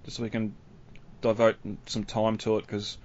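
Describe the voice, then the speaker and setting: A man's voice: lowish voice, monotone, moderate pace, a little mellow, slight background noise. A man hosting a podcast in casual chat, laughing often. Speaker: podcast host. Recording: dry, slightly dull audio.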